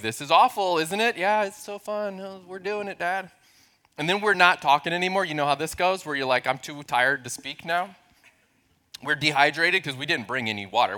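A man's voice: on the high side, sharp tone. A man in his forties, a pastor, telling a self-deprecating, humorous story during a sermon.

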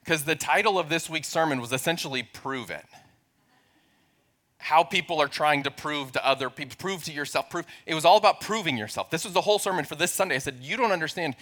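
A man's voice: on the high side, brisk, fairly bright tone. A man in his forties, a pastor, telling a self-deprecating, humorous story during a sermon.

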